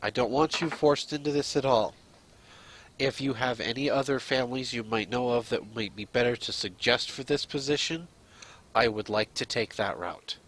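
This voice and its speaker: A man's voice: medium pitch, normal speed, a bit bright, rough recording. A man playing a tabletop game who speaks earnestly in character. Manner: polite, earnest. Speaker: player.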